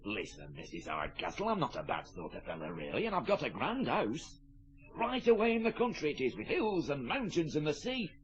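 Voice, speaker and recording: A coaxing, boastful middle-aged rich man with a Lancashire accent, his voice swooping wildly from low to high. He talks up his money and his big house to win someone over. The old recording sounds dull and muffled. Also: huge pitch swings, brisk. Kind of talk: stage-style radio drama acting.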